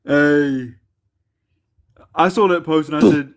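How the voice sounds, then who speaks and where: Co-hosting a live stream panel, a man jokes through casual banter, laughing often and teasing in a mocking tone. His voice is a little high and his pace slow.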